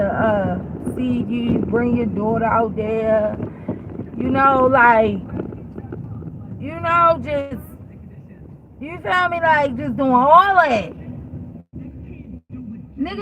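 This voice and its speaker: A woman's voice: high voice, slow pace, pauses often. A woman telling a heated, profane storytime rant while in her car, repeating herself. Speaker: vlogger. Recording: car noise behind voice.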